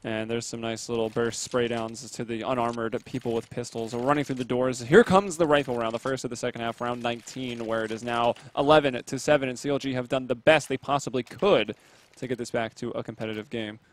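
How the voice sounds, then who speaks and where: A man calling a competitive shooter match from home in a casual, chatty way, with sudden excited bursts at the big plays. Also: medium pitch, brisk. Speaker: esports caster. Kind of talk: play-by-play game commentary.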